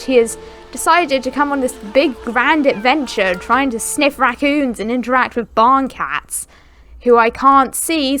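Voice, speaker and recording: A woman's voice: high-pitched, sharp tone. A young woman giving casual let's-play commentary, chatting and giggling as she talks to her game characters. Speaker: gaming channel host.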